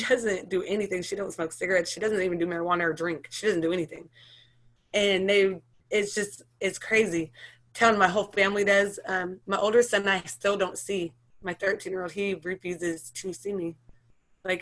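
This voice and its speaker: A woman in her thirties giving an emotional personal account as an interviewee, talking in halting, run-on sentences full of restarts. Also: mid-range voice, fairly bright tone. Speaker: interviewee, mother sharing her story.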